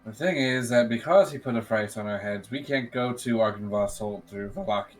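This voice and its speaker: A man's voice: fairly low pitch, a little fast, faint music behind, low-quality recording. A man playing a tabletop game, explaining things in a plain, matter-of-fact way. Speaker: player. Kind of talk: tabletop role-play.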